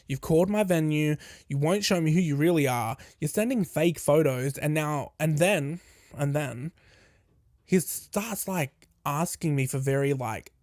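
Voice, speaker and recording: A young podcast host tells a candid storytime full of swearing, animatedly playing both sides of a conversation through quoted dialogue. His voice is on the high side and unhurried, captured in a dry, studio-quality recording.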